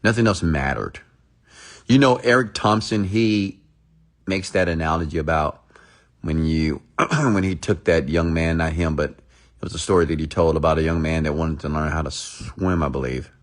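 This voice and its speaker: A man's voice: rumbling low, moderate pace. A man telling a motivational story in a rambling, emphatic, repetitive way. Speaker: motivational speaker.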